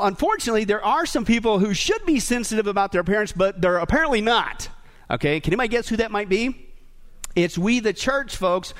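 High-pitched animated male pastor. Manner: animated, talks to the congregation directly; frequent tag questions like "right?" and "okay?". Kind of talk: sermon with a joke.

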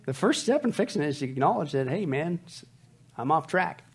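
A man's voice: on the high side, big pitch swings, brisk, gravelly, husky. A man preaching a humorous sermon, joking with his audience and calling them folks.

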